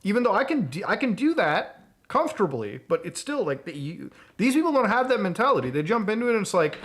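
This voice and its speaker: A man's voice: high-pitched, big pitch swings, fast, fairly bright tone. A man streaming live, ranting casually with heavy swearing and exasperated, mocking outbursts. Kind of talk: casual livestream rant.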